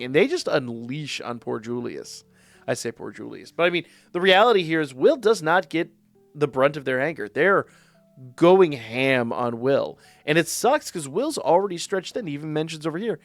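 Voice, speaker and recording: Excitable man rambling through a manga recap. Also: on the high side, moderate pace, gravelly, dry recording, faint music behind. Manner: enthusiastic, rambling, repeats words when excited. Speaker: manga reaction channel host. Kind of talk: casual reaction and review chat.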